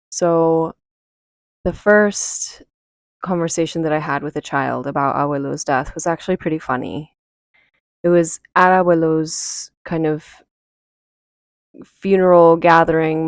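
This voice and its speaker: Woman podcast host with a slightly low voice and a dry sound, casual and reflective, fillers throughout. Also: no echo. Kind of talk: personal storytelling.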